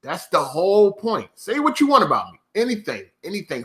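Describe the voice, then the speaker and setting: A man with a high, bright, forceful voice vents straight to his audience in a profane vlog rant. He repeats his points over and over with emphatic, swearing insistence. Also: big pitch swings, moderate pace. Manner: profane, repetitive, emphatic ranting. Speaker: YouTuber.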